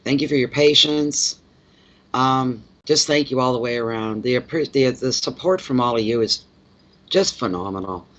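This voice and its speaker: In a medium-pitched voice at a moderate pace, a tarot reader from Canada hosts a casual live stream, chatting and greeting viewers one at a time. He tends to ramble and repeat his words. The audio is slightly muffled and lo-fi.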